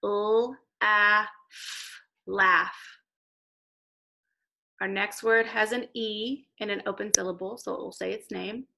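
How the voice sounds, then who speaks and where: A woman teacher giving a recorded reading lesson to young children, slowly sounding out letters and words. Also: mid-range voice, fairly even intonation, a bit bright, low-quality recording. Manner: slow, clear modelling of letter sounds.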